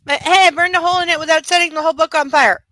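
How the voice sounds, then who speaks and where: A woman's voice: very high voice, steady tone, very fast, a bit bright, dry recording, rough recording. A woman hosting a live stream book club, chatting sarcastically and playfully. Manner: sarcastic, playful, coos at her dog. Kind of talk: casual live stream chat and reading aloud.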